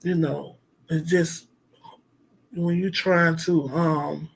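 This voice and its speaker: A man's voice: a little high, steady tone, extremely slow, gravelly, slightly rough. A middle-aged man, a minister, talking heartfelt and rambling on a casual livestream, with lots of fillers.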